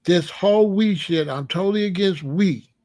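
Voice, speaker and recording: A man from the United States hosting a casual monologue, telling stories in an emphatic, profane, animated way. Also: high voice, normal speed. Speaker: commentary host.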